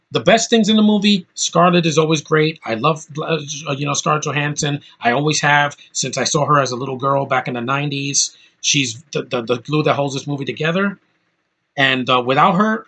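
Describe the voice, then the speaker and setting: A man's voice: fairly high pitch, bright, forceful tone. Blunt ranting man reviewing a film. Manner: blunt, ranting, many fillers. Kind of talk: casual spoken movie review.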